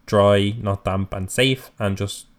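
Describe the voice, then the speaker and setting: Emphatic low-voiced male podcast co-host. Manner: animated, emphatic, quick to jump in. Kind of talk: casual chat.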